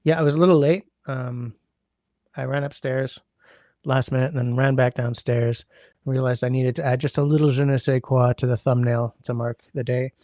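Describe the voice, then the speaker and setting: A man's voice: medium pitch, steady tone, moderate pace, warm tone, no room sound. A man hosting a casual livestream from home, rambling, greeting viewers by name and humming while he scrolls, his sinuses congested. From Canada. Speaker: livestream host. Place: indoors at home.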